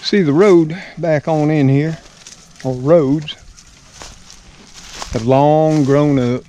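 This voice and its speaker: An older man from the US Deep South with an Alabama accent, vlogging in a slow, folksy, homespun manner as he walks outdoors through the woods. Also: mellow. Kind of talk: casual walking vlog. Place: outdoors in woods and on a front porch.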